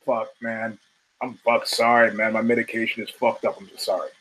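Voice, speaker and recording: A man putting on the low, mumbled voice of a rattled man apologizing. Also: level tone, moderate pace, a bit bright, low-quality recording. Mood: sheepish.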